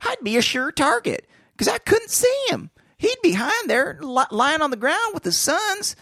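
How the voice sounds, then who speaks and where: A cowardly little crook whines in a voice squeezed far up high, as a man puts him on. He sounds scared and sulky. The room is dry. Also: big pitch swings, normal speed, gravelly, pushed and bright, no echo, exaggerated voice. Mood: whining. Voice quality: high whining. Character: whiny nervous male crook.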